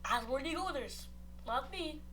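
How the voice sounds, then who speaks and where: A woman commentating on a racing league, muttering asides between shouted, excited play-by-play. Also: high voice, normal speed. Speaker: race commentator.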